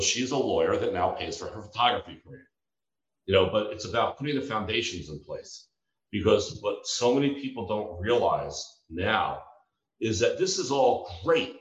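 A deep-voiced man in his fifties tells stories and gives advice, acting out the people he quotes. He sounds like he is some way from the mic. The sound is roomy and a little dull. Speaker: former floor trader and mentor. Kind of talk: storytelling talk with advice. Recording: distant roomy lo-fi recording.

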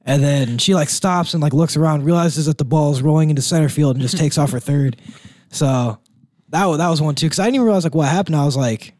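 A young man co-hosting a casual college sports podcast, relaxed and rambling, full of fillers and quick laughs. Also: fairly high pitch, no room sound. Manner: relaxed, rambling, laughs often, says "like" and "dude".

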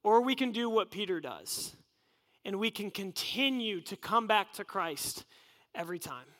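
A man's voice: high voice, sing-song, unhurried, a bit bright, big-room sound. A man preaching a sermon in an earnest, conversational way. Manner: earnest, conversational preaching with acted inner voices.

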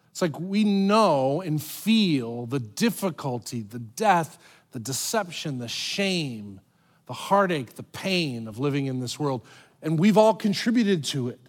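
A male pastor giving a sermon in an animated, conversational way, with dramatic pauses and quoted voices. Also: on the high side.

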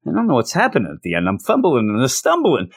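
A man's voice: mid-range voice, huge pitch swings, fast, creaky, slightly rough, no room sound, studio quality. A man hosting a solo comics review podcast, talking in a sarcastic, rambling, jokey way.

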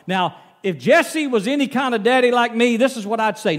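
A male preacher telling a Bible story in a folksy, animated sermon. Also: extremely high pitch, normal speed, hardly any pauses. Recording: long reverb of a large hall.

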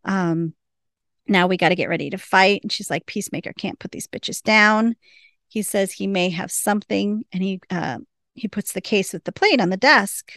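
A woman's voice: medium pitch, normal speed, fairly bright tone, no echo, studio quality. A woman casually recapping a TV episode, retelling scenes and quoting the characters in a chatty way. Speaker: podcast co-host.

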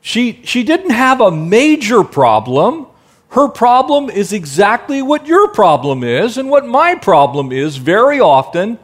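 A male pastor delivering a sermon in a high, lively voice that swings widely in pitch. He keeps firing rhetorical questions at his listeners and now and then softens into a gentle hush. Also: measured pace. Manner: animated preaching, rhetorical questions to the congregation; drops to a soft, gentle tone for quiet passages.

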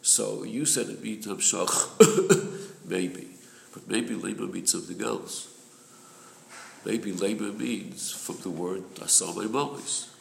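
A man's voice: on the low side, slow. A man leading a group study of a religious text, explaining patiently and repeating the key point. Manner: patient, repetitive explaining, clears throat. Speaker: Torah study group leader. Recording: echoey room with background noise.

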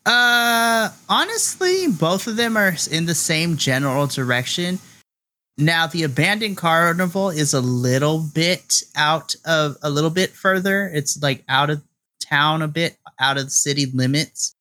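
A man's voice: fairly high pitch, expressive, measured pace, bright, forceful tone. A man running a tabletop game as game master, laughing often and rambling. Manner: giggly, rambling.

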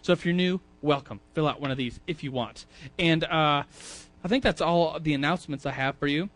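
A man's voice: fairly high pitch, fairly quick, a bit bright. A man teaching a Sunday school class in a church, talking casually, often repeating words and asking the audience questions. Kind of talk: casual sermon.

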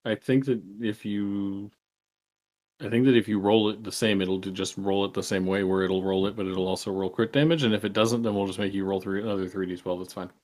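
A man acting as game master, calmly narrating turns and explaining rules of a tabletop game. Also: fairly low pitch. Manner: measured, explains rules with fillers.

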